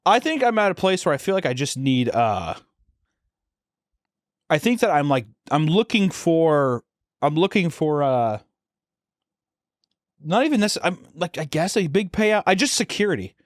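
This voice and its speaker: A young man co-hosting a casual podcast, animated and profane, acting out little scenes as he talks. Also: on the high side, unhurried, pauses often, no room sound, studio quality. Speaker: podcast co-host and animation YouTuber.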